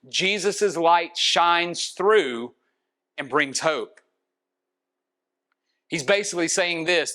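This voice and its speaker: Man, high voice, pastor, earnest sermon, slows for emphasis. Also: fairly bright tone. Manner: earnest preaching, slowing for emphasis.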